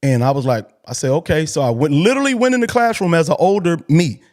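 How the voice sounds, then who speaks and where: A man's voice: fairly high pitch, animated, fast, a little mellow. A man telling a personal story on a call-in show in an earnest, colloquial way, emotional and near tears, repeating himself as he goes. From Texas. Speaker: host.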